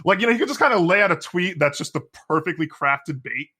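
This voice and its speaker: A man's voice: on the high side, animated, fast, pushed and bright, breathy edge. A man co-hosting a podcast, chatting casually and sardonically about politics, rambling with frequent restarts. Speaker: podcast co-host.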